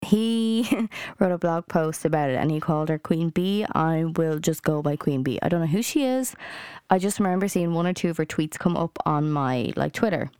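A woman's voice: deep voice, moderate pace, darkish tone, clean tone, no echo, studio quality. A young Irish woman hosting a podcast alone, chatting casually in a blunt, rambling way, full of fillers and swearing. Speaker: podcast host. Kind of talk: casual solo podcast chat.

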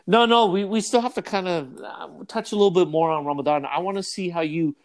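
A man in casual podcast chat, joking and animated, often laughing. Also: sits high, a little fast. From North America.

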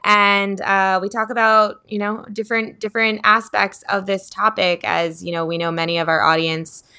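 A woman's voice: medium pitch, flat delivery, pushed and bright, clean tone. A woman hosting a podcast, opening the episode in an upbeat, casual way. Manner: upbeat, reads a list quickly. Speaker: podcast host.

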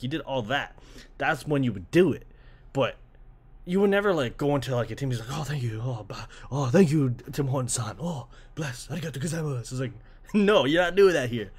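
A young Canadian anime fan rants casually about anime translations in a medium-pitched voice. He leans on "like" constantly, swears, and drops into mocking voices.

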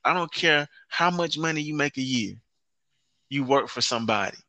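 A man hosting a podcast who speaks emphatically, repeating key phrases and stammering when he gets excited. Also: a little high, moderate pace, no echo. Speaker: podcast host. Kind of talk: casual conversation.

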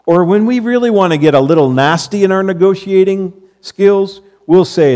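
A man's voice: on the high side, big pitch swings, normal speed, dark tone. A male pastor delivering a sermon to his congregation, repeating key phrases emphatically and quoting scripture. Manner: emphatic preaching with repetition. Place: church sanctuary.

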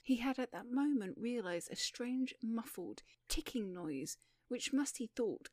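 A woman's voice: fairly high pitch, dark tone, no room sound. Woman narrating an audiobook, dry sound. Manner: measured, storytelling.

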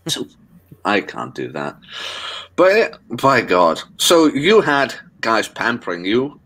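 Man with a lively, swinging voice. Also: slow pace. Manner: lively, shifts into high mocking voices. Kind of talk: casual chat.

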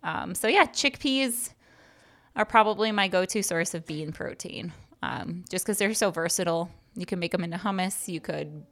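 A woman's voice: fairly low pitch, moderate pace, fairly bright tone. A young woman co-hosting a podcast in casual chat, teasing and laughing often. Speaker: podcast co-host.

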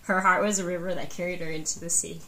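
Lowish woman's voice, book podcast cohost, earnest and gushy, reads passages out. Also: little pitch movement, quick pace, sharp tone, slight background noise, rough recording. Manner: earnest, gushing about the book. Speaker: podcast co-host. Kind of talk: casual chat and reading aloud.

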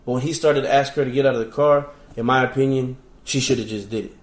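A man's voice: mid-range voice, steady tone, quick pace. A man in casual conversation who speaks bluntly and profanely. His voice carries a roomy echo. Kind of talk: casual chat.

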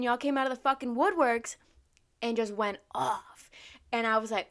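A woman's voice: on the high side, brisk, a bit bright. A young woman in her twenties vlogging in a candid, rambling way, swearing freely and poking fun at herself. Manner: candid, swears freely, self-mocking, lots of "like". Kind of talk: casual rambling monologue.

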